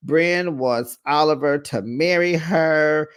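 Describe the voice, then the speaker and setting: Slow, sassy chatty recap host. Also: medium pitch, animated. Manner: chatty and sassy, with drawn-out asides and squealing mock quotes. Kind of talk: casual recap commentary.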